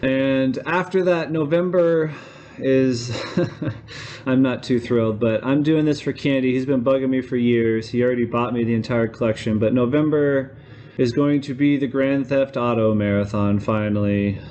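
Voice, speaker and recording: A man's voice: mid-range voice, fairly even intonation, normal speed, darkish tone. A young man hosting a podcast, chatting loosely and rambling about his streaming plans. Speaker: podcast host and game streamer. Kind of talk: casual podcast chat.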